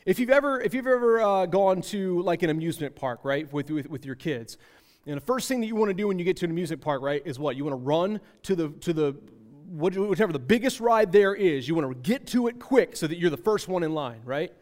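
A young man giving a conversational sermon about parenting, animated and repeating phrases for emphasis, slipping into acted-out voices. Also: a little high, brisk. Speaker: speaker at a parenting talk.

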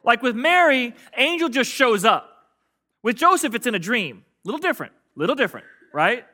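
A man's voice: extremely high pitch, big pitch swings, moderate pace, bright, forceful tone. A man preaching a sermon in a casual, joking way, getting his congregation to call out responses. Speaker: pastor. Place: church sanctuary with congregation.

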